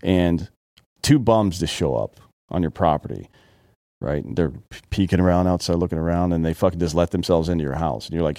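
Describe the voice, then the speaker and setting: A man's voice: low-pitched, a little fast, dark tone, dry recording, studio quality. A man co-hosting a podcast, ranting bluntly and swearing in casual banter. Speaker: podcast co-host.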